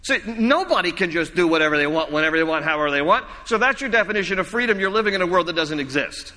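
A man's voice: high-pitched, animated, quick pace, bright, forceful tone. A male pastor preaching a sermon in a church, conversational and repetitive, mixing humor and personal stories. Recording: reverberant church hall.

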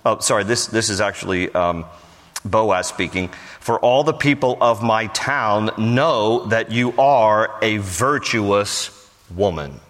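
A man's voice: fairly low pitch, slow, fairly bright tone. A man preaching a sermon, joking conversationally and telling the story with plenty of animation. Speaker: pastor. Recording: hall reverb.

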